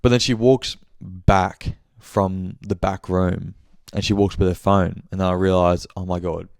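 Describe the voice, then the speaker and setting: A man's voice: sits low, little pitch movement, unhurried, creaky, a little mellow, clear, resonant tone, no echo, studio quality. A young man telling a rambling story on his podcast, swearing and correcting himself as he goes. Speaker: podcast host. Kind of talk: casual monthly check-in chat.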